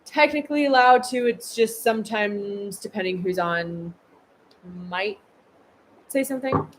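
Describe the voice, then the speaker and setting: A woman co-hosting a travel vlog, chatting casually in a relaxed, matter-of-fact way. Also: mid-range voice, a little slow, a little hiss or hum. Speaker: vlog co-host. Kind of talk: casual chat.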